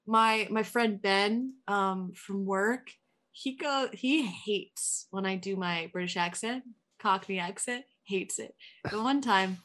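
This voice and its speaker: A woman chatting casually on a podcast, giggly and animated, breaking into loud squeals. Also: mid-range voice, takes it slowly. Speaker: podcast co-host. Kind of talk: casual chat.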